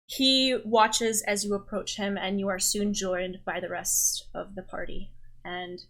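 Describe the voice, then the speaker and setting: A woman game master narrates a tabletop scene at an unhurried, deliberate pace. Her voice sits in a middle pitch, with pauses and filler words between descriptions. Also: fairly even intonation, fairly bright tone, poor audio.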